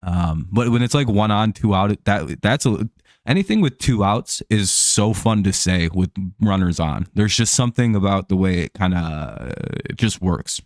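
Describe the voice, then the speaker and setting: Rambling low-voiced man calling a game. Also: lively intonation, moderate pace, no room sound, clean studio sound. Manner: rambling, lots of fillers and restarts, chuckles often. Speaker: live-stream host. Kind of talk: casual live watch-along baseball commentary.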